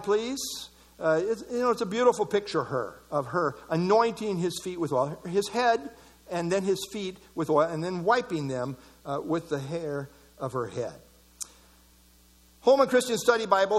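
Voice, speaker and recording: A male preacher with a high, lively voice works through scripture verse by verse. His pitch rises and falls widely as he stresses single words and adds chuckling asides. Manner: animated, reads quotes, chuckles at his own asides. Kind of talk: expository sermon.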